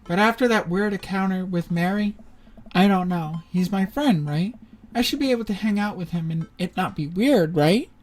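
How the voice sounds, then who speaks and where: A woman's voice: fairly low pitch, moderate pace, soft background music. Chatty woman rambling over a game. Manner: chatty, rambling, with many fillers and laughs. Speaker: streamer playing a visual novel. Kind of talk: casual let's-play commentary.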